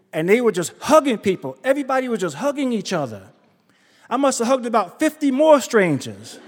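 A man telling a true story live on stage, animated and acting out the voices of people he quotes. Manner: animated, acts out quotes with big pitch jumps. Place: theater stage before an audience. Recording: live stage recording with hall reverb.

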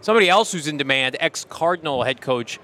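A man's voice: fairly high pitch, expressive, quick pace, bright, forceful tone. Brief: male co-host, dry wit, casual show chat. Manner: dry, wisecracking. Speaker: podcast co-host. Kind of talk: casual sports podcast chat.

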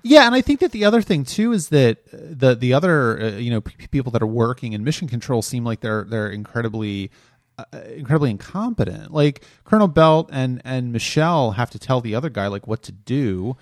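Reviewing TV episodes as a podcast co-host, this man picks apart the material in an exasperated, analytical, casual way. The clean, dry studio recording shows a mid-range voice with lively intonation, moving a little fast.

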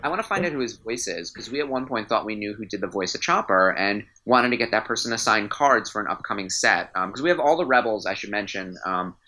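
Bright-toned excitable man rambling. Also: on the low side, fast, hardly any pauses, low-quality recording. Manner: animated, rambling, self-interrupting storyteller; enthusiastic fanboy. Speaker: trading card company guest. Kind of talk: casual podcast chat.

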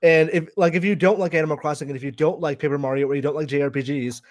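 A man co-hosting a casual gaming news podcast, talking through his views in a measured, analytical way. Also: a little high, fairly even intonation. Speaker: podcast co-host.

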